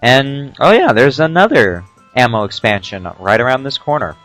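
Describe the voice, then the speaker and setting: A man doing casual commentary over a video game, explaining tips with dry jokes and frequent "uh" pauses. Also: mid-range voice, lively intonation, a bit bright, no room sound, faint music behind. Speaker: let's play commentator.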